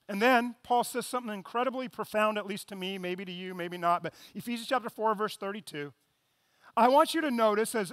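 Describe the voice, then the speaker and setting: Male pastor, sermon, bright tense tone, dramatic loud-to-soft delivery. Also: high-pitched, no room sound. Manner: dynamic preaching, swinging between loud emphasis and hushed asides.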